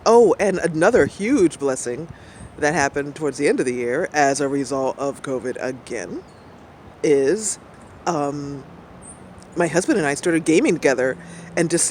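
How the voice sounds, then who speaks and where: A woman's voice: low voice, lively intonation, normal speed, a little mellow. A middle-aged woman talks in a loose, rambling way, laughing often between thoughts. She is outdoors, and a faint hum of passing traffic sits under her voice. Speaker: streamer. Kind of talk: casual chat.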